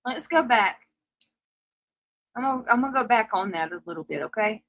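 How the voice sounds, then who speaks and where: A woman's voice: a little high, animated, fairly quick, fairly bright tone, no room sound. A woman hosting a casual livestream chat, emotional and frank, swearing when flustered. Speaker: livestream host.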